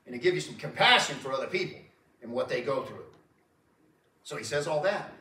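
Folksy preacher, lively and bright. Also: male voice, medium pitch, fairly quick, slight background noise. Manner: folksy, repeats himself, chuckles often, calls the crowd folks. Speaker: pastor. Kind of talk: sermon. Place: church sanctuary. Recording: roomy church sound from a distant mic.

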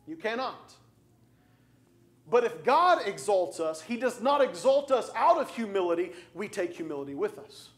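Male preacher, high-pitched, emphatic delivery with repetition and direct questions. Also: big pitch swings, normal speed. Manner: emphatic, repeats phrases for stress; asks the congregation direct questions. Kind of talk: sermon.

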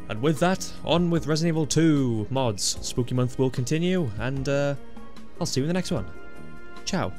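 A young man giving casual gameplay commentary as a video host, excitable and sweary, laughing often and yelping at surprises. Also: mid-range voice, normal speed, faint music behind.

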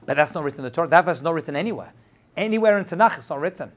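A man with a fairly high voice leads a Torah lesson as a rabbi. His delivery swings up and down and keeps turning into rhetorical questions and quick checks that the class is with him. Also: expressive.

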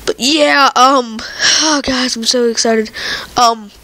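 A woman with a high, bright voice chats excitedly to her viewers in a casual vlog. She has a cold and coughs now and then. Her talk wanders, full of "um" and "uh" as she goes. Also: slow pace. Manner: excitable and rambling, lots of fillers. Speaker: channel host. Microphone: computer recording software.

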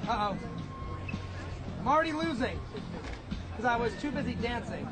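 A man vlogging at a comic convention, goofy and over-the-top, shouting a catchphrase and giving shout-outs. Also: very high-pitched, expressive, moderate pace. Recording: noisy convention crowd around.

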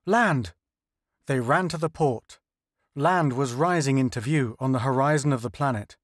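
A man reading science fiction as an audiobook narrator in an even, measured way. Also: medium pitch, no echo, clean studio sound. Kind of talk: scripted narration.

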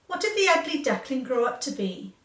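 A woman teacher reading out a children's quiz, slow and clear, repeating each question. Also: high voice, big pitch swings, a bit bright. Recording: echoey room, far from mic.

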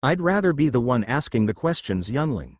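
A proud, wise old dragon speaks slowly and formally, as a man voices him. He sounds calm and dignified, lending a lively lilt to his storybook reading. The audio is dry and close. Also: medium pitch, dry recording.

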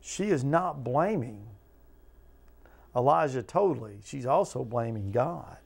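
A man with a gravelly edge leads a Bible study in a plain, mid-pitched voice. He teaches in an earnest, conversational way, asking listeners question after question and acting out the people in the scripture. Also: animated, a little slow, a little mellow. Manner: earnest, talks to listeners with repeated questions, acts out quotes.

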